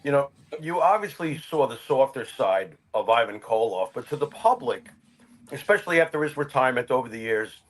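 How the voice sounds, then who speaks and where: A man's voice: mid-range voice, expressive, fairly quick, rough recording. An older man co-hosting a wrestling podcast, asking questions with emphatic, opinionated asides. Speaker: podcast co-host. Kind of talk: casual podcast interviewing.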